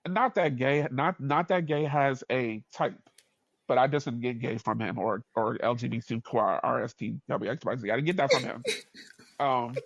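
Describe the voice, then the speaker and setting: A man from New York, speaking with a New York accent, tells a story as a podcast guest with an animated, expressive delivery. He acts out the people in his story, jumping up in pitch and laughing often. His voice sits at an ordinary middle pitch, and the audio is dry and a little dull. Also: moderate pace, gravelly, no room sound. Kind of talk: casual storytelling in conversation.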